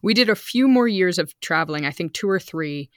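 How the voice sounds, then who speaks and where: A woman in her thirties co-hosting a podcast, talking chattily, with quick asides and bursts of speed. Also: fairly low pitch, expressive, dry recording, clean studio sound. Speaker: podcast co-host. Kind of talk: casual family chat.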